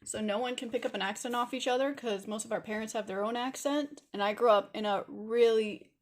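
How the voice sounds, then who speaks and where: A woman's voice: on the high side, a little fast. Chatty Canadian woman drawing tutorial. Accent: Toronto Canadian. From Toronto, Canada. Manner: chatty, apologetic asides while working. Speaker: art tutorial host. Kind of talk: casual drawing tutorial narration.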